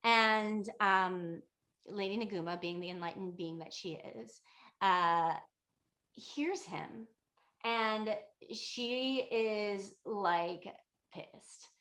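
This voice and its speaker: A woman's voice: mid-range voice, very slow, a bit bright. A woman, a yoga and meditation teacher, casually retelling a legend in a chatty, filler-heavy way. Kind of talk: casual spoken storytelling.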